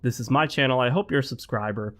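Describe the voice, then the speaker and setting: Male gaming host at home, a little sick, rambling and opinionated, mid-pitched voice. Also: quick pace, fairly bright tone. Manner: rambling, opinionated, talks straight to viewers. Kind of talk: casual gameplay commentary.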